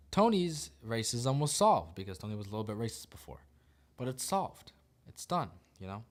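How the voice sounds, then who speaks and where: A man hosting a podcast, giving casual opinion commentary in a sarcastic manner and laughing often. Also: on the low side. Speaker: podcast host.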